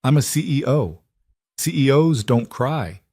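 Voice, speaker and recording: A man's voice: medium pitch, animated, measured pace, mellow, slightly rough, dry recording, pitched above the performer's own voice. Worn-out woman boss, strained and pleading, dry close sound , read by a man. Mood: tearful. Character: weary exhausted woman executive.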